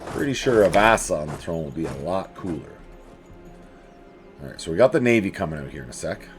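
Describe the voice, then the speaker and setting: Animated man narrating his strategy game. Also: low-pitched, a little fast, soft background music. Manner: animated, chatty, talks to the game's enemies. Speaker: let's play host. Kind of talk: casual strategy game commentary.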